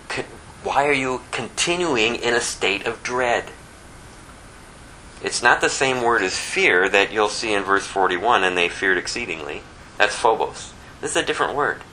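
Lively bright-voiced man teaching the Bible. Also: on the low side, a little hiss or hum, rough recording. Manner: animated storytelling, rising emphatic bursts. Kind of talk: informal Bible study teaching.

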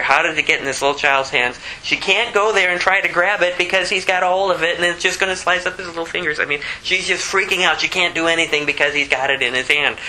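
A man's voice: pushed and bright, a little hiss or hum, poor audio. A man preaching a sermon, his voice rising sharply when he gets emphatic. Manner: impassioned, pitch climbing sharply when emphatic.

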